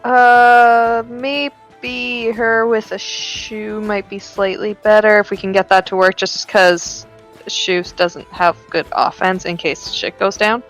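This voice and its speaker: A woman playing in a tabletop game, chatting casually in a lively, giggly way. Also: mid-range voice, takes it slowly, soft background music, rough recording. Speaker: player.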